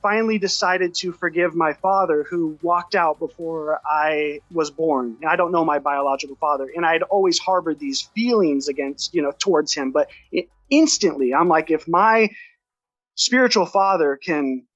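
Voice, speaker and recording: A man, a podcast guest, telling his personal story in an earnest, heartfelt way, rushing ahead with restarts. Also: fairly high pitch, fairly bright tone, no room sound, highs cut off.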